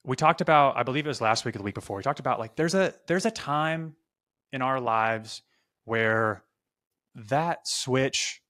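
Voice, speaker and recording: A young adult man casually telling funny stories on a podcast, animated and profane, with frequent restarts. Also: medium pitch, normal speed. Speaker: podcast co-host. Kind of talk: casual storytelling chat.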